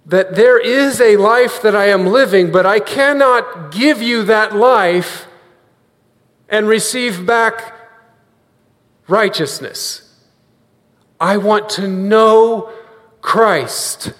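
High-voiced preacher in a reverberant hall. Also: male voice, slow pace, long pauses, fairly bright tone. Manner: earnest, leads the congregation in repeating lines. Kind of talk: sermon.

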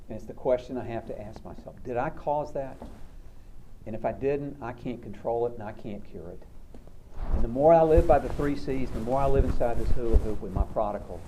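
A middle-aged counselor talks through recovery lessons in a relaxed, mellow voice. He tells folksy, self-mocking stories, and a faint noise sits under the recording. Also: mid-range voice, poor audio. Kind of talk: storytelling talk on recovery.

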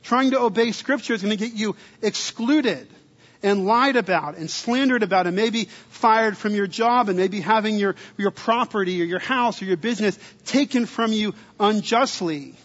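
A man's voice: high voice, normal speed, fairly bright tone. A man preaching an expository sermon in a teacherly way, stacking his points in repeated lists. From United States. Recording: dull lo-fi recording with long reverb.

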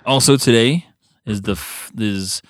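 A man's voice: on the low side, unhurried, a bit bright, no room sound. A man co-hosting a casual podcast chat in a studio, blunt and jokey, laughing a lot. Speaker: podcast co-host.

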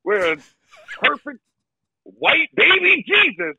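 A man's voice: extremely high pitch, wildly swooping pitch, slow, pushed and bright, highs cut off, slight background noise. A man co-hosting a podcast, chatting casually and profanely about a movie, joking and riffing as he goes. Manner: profane, joking, riffs in silly voices. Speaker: podcast co-host. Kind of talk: casual movie-review chat.

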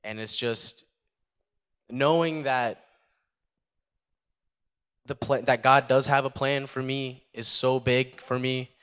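A young man from the United States sharing a personal faith testimony, earnest and halting with many fillers. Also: mid-range voice, fairly even intonation, fairly bright tone, smooth. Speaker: testimony speaker.

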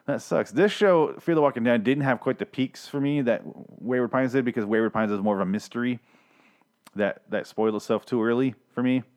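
A man recaps and rants about a TV show on his own, casual, sarcastic and full of profanity. His medium-pitched voice has a darkish tone and runs a little fast, with rambling and frequent restarts.

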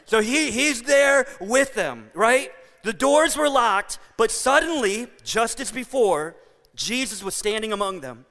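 High, bright-voiced conversational pastor. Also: male voice, measured pace, long reverb tail. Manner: conversational, animated storytelling. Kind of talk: sermon. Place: church.

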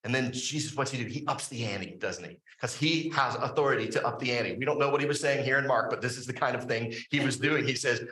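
A man preaching a sermon, lively and conversational, with frequent fillers and questions to the congregation. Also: medium pitch, quick pace, hardly any pauses, echoey room, low-quality recording. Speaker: pastor.

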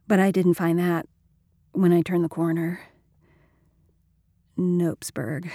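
A woman's voice: on the low side, little pitch movement, a little slow, mellow, slightly rough, dry recording. Woman narrating an audiobook, chatty and sarcastic, dry close-up sound. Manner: slangy, wry, conversational teen voice. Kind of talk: first-person audiobook narration.

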